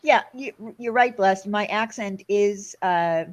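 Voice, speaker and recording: New York woman, show host; chatty, animated storyteller, heard over a video call. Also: mid-range voice, slow. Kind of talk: casual chat.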